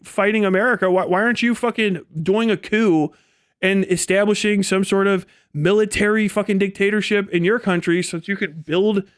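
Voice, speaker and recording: A man's voice: high voice, no room sound, studio quality. A man streaming live, ranting sarcastically and swearing constantly. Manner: sarcastic and mocking. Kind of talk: profane livestream rant.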